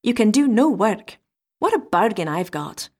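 A woman's voice: medium pitch, big pitch swings, unhurried. A woman voicing a blunt travelling fiddler who scolds his new wife, in a storybook reading. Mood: scolding. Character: gruff travelling fiddler, a disguised king.

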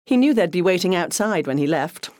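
Audiobook narrator, mid pitch, measured and even, dry studio sound. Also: no echo.

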